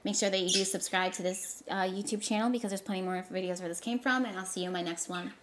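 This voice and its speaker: A woman's voice: medium pitch, fairly even intonation, fast talker, a bit bright, a little hiss or hum. A woman giving a casual tarot reading straight to her viewers, talking emphatically and often repeating herself for effect. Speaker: tarot reader.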